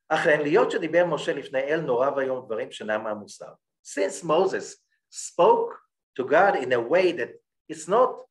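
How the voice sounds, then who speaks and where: A rabbi teaching a Torah class, who rattles off Hebrew passages quickly and then explains them in English, often checking in with listeners. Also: male voice, mid-range voice, fairly bright tone. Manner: checks in with listeners by saying "okay?".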